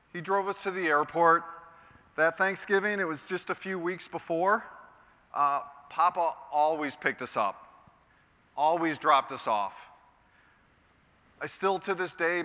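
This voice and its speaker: Middle-aged radio host guy telling his story on stage, bright voice, echoey hall. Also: a little high. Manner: dramatic storytelling, quiet and heavy at moments. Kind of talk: personal story told on stage. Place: large conference hall.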